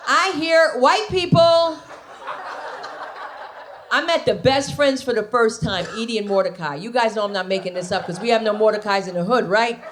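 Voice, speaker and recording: A woman's voice: mid-range voice, quick pace, hardly any pauses, a little hiss or hum. A woman comedian doing stand-up, telling stories brashly and with animation.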